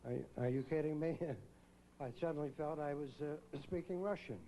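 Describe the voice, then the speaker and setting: A man hosting a live pageant on stage, teasing the contestants with quick jokes as he interviews them. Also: fairly high pitch, mellow, a little hiss or hum, poor audio. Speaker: pageant host. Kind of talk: joking live pageant emcee.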